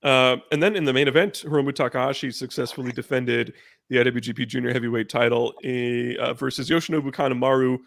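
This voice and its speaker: A man's voice: mid-range voice, steady tone, fast talker, gravelly, fairly bright tone, dry recording, studio quality. A man hosting a casual podcast, chatting loosely with fillers and restarts. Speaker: podcast host. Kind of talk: casual chat.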